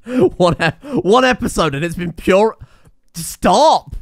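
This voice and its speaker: Young male gamer, lively swooping voice, dry close mic, excitable, cursing commentary. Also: sits high, a little slow, no echo. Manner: excitable, swears, laughs at disasters. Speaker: gaming video host. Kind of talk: casual let's play commentary.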